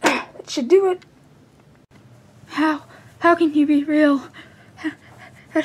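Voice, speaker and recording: A woman's voice: high voice, slow pace, long pauses. A woman voicing every character in a comedic fan skit, stammering with hesitant restarts. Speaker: fan video maker voicing all characters.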